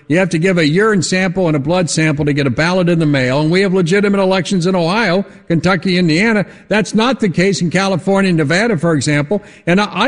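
A man hosting a political talk radio interview, halting and full of fillers as he lays out leading questions. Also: high-pitched. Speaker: radio talk show host.

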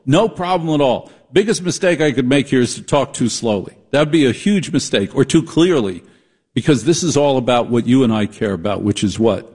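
A man's voice: mid-range voice, expressive, darkish tone, husky. A man hosting a talk radio show, delivering a comedic monologue, riffing and mocking as he goes. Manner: riffing, mocking, switches into quick impressions.

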